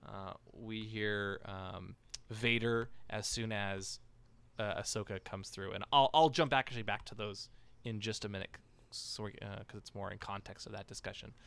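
A man's voice: fairly low pitch, steady tone, moderate pace, creaky, a bit bright, clear, resonant tone. A man hosting a casual podcast discussion, talking in a rambling way with many fillers and restarts. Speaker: podcast host.

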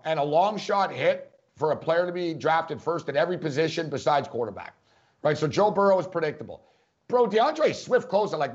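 A man's voice: on the high side, dull audio. A man co-hosting a sports podcast, talking emphatically and repeating points for stress. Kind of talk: casual sports talk.

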